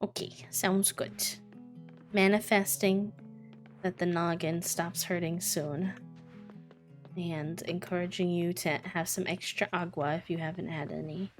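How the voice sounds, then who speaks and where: Relaxed low-voiced woman streaming a game. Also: measured pace, faint music behind. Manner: relaxed, chatty, talks to chat between tasks. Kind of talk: casual live-stream gameplay chat.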